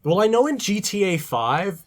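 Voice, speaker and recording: A man co-hosting a podcast, chatting casually over a trivia game, animated and quick to laugh. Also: high-pitched. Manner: animated, laughs easily, many fillers. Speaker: podcast co-host.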